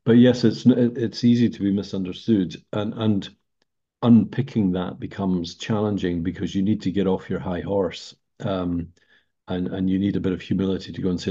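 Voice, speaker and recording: A man's voice: low voice, fairly even intonation, normal speed, mellow, breathy edge. An older man, a business leader, answering interview questions thoughtfully, with hesitant restarts. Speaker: podcast guest, senior business leader. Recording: dull lo-fi sound.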